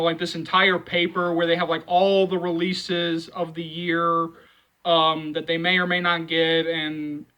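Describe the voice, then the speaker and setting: A man's voice: fairly high pitch, bright, forceful tone, low-quality recording. A man hosting a movie channel, talking casually and rambling, with many fillers and repeated phrases as he reassures fans. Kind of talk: casual commentary vlog.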